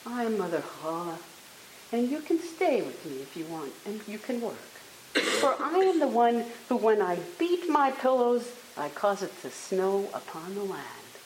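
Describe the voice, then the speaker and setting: A woman voicing a shrewd old snow-spirit woman with long teeth, who speaks in a measured, knowing way. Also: medium pitch, very animated, darkish tone. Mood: reassuring. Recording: echoey room with faint hiss.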